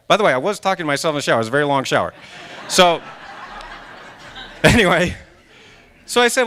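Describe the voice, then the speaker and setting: A man's voice: sits high, very animated, quick pace, long pauses, bright, forceful tone. A man in his forties from Maine, a guest speaker giving a motivational talk at a church service. He tells his story with animation, acts out his own inner voice, and draws the audience in with questions. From Maine, USA. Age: 40s. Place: church sanctuary during a live service.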